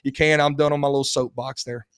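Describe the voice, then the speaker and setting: Fast-talking, smooth-voiced podcast co-host man. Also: mid-range voice, little pitch movement, fairly bright tone, no room sound, studio quality. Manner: rambling, with frequent restarts. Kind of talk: casual podcast chat.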